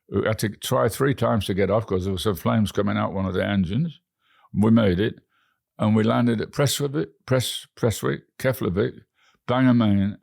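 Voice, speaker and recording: An older man tells stories in a gravelly, somewhat low voice, full of quoted dialogue and asides. The recording is dry and close, with no room sound. He talks like a seasoned raconteur sharing memories in an interview. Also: no echo. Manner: chatty, animated anecdotes with quoted dialogue. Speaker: interview guest, frequent flyer. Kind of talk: anecdotal storytelling.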